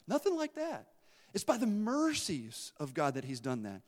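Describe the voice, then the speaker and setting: A man preaching a sermon as pastor, telling stories in an animated way that rises to shouting at peaks. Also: high-pitched, moderate pace, big-room sound. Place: church sanctuary. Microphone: handheld or stage mic.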